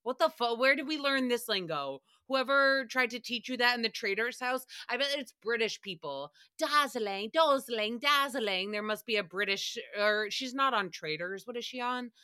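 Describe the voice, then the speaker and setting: A woman's voice: on the high side, lively intonation, moderate pace, few pauses, pushed and bright, clean tone, no echo, clean studio sound. A woman hosting a casual solo recap podcast, ranting in a sassy, profane way and slipping into mock voices for quotes. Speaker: podcast host.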